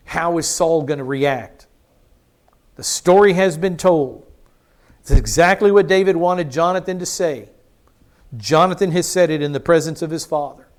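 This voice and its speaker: A man teaching a sermon on a Bible book, dramatically acting out the characters and asking the audience rhetorical questions. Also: fairly high pitch. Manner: dramatic, acts out the quoted speakers. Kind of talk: expository sermon.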